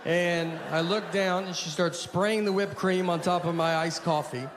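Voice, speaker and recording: High-voiced deadpan comedian. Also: male voice, measured pace, a crowd in the background. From Tennessee, USA. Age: 40s. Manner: deadpan, understated storytelling with bemused quoted dialogue. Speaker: comedian hosting a TV sketch show. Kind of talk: stand-up comedy monologue. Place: stage of a TV studio before a live audience. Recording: noisy live studio audience laughter.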